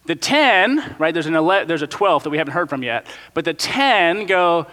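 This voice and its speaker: A young man preaching a sermon in a casual, animated storytelling way, full of "like" and "right?". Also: on the high side, fairly quick, few pauses. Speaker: pastor. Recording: long hall reverb.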